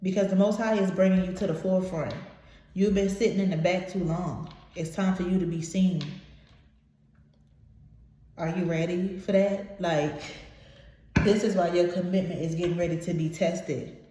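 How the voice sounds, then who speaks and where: A woman's voice: lowish voice, fairly even intonation, moderate pace, mellow. A woman giving a channeled tarot reading to her viewers, emphatic and preachy, swearing casually. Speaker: tarot reader. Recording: very echoey room.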